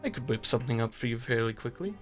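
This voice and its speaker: A man's voice: expressive, quick pace, faint music behind, natural voice. A man voicing a smug, haughty male shopkeeper mage with an Italian accent in a tabletop game. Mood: salesy. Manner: haughty, sales-pitch flourish.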